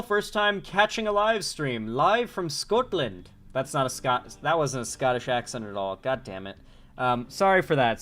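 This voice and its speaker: A man's voice: on the high side, a bit bright. A man doing casual livestream commentary, reading chat messages and swearing freely. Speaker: streamer and political commentator.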